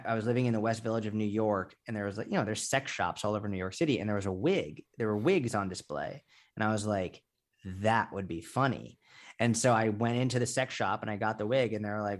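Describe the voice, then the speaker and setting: A man, a fitness content creator talking candidly as an interview guest, rambling and swearing freely. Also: fairly low pitch. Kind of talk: casual interview talk.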